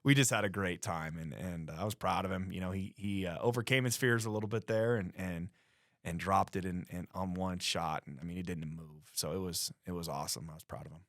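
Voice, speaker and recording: Low-voiced man telling a story. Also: brisk, no room sound, studio quality. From Colorado. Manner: animated storyteller acting out quotes. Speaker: guest. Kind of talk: casual storytelling.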